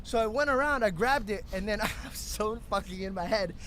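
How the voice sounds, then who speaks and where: A young man co-hosting a podcast, telling a story in casual chat and acting out quotes in loud, shouted bursts. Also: high-pitched, fairly quick, a little hiss or hum. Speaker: podcast co-host.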